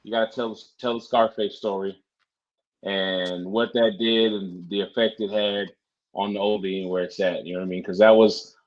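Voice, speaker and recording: A man's voice: on the low side, fairly even intonation, moderate pace. Man on a dull lo-fi line, repeating himself. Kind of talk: casual podcast chat.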